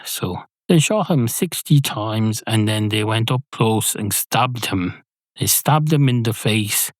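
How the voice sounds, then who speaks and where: A man hosting a podcast, rambling through an improvised comic monologue in a deadpan way, with sudden high yelps and swearing. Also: dry recording. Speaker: podcast host.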